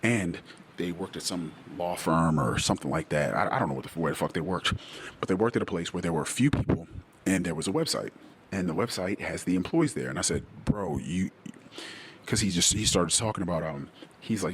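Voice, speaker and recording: A man's voice: deep voice, brisk, a little hiss or hum. A young adult man hosting a podcast, telling a personal story bluntly and with plenty of swearing, acting out the dialogue with animation. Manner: blunt, profane, animated when retelling dialogue. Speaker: podcast host. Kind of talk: candid solo podcast storytelling.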